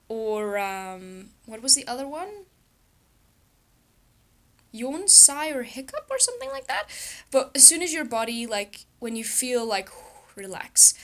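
A young woman in a casual vlog, talking softly and reflectively, with frequent laughs and a gentle self-soothing manner. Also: medium pitch. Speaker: YouTuber.

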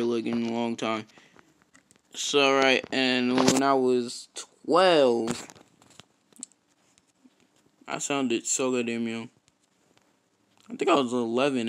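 A man giving casual gameplay commentary, swearing constantly and breaking into loud frustrated outbursts. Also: mid-range voice, clear, resonant tone, poor audio. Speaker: gamer and YouTuber.

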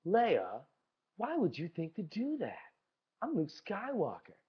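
A man doing a deliberately bad impression of an earnest, whiny young male space hero. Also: sits high, wildly swooping pitch, husky, voice pushed up, full character voice. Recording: dull lo-fi recording.

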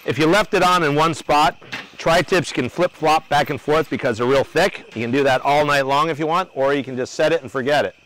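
A man's voice: a little high, brisk, a bit bright, poor audio. A man hosting an outdoor cooking demo at a grill, talking loosely and joking with his crew and the viewers. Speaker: cooking show host.

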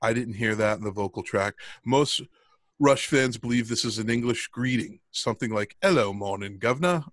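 A man's voice: medium pitch, fairly even intonation, moderate pace, no echo. A middle-aged man co-hosting a podcast in casual chat, rambling with lots of ums and restarts. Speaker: podcast co-host.

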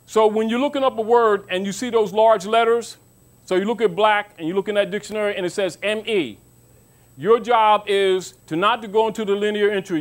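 High-voiced man lecturing, preachy. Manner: preachy, rhetorical questions, mocking asides; calls listeners baby. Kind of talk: informal lecture to an audience.

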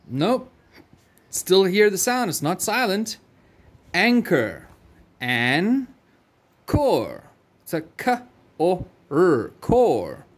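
A man teaching a phonics lesson to young children, reading each word slowly and clearly and encouraging them. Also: a little high. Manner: slow, clearly enunciated word-by-word reading with repetition; encouraging, addresses children directly.

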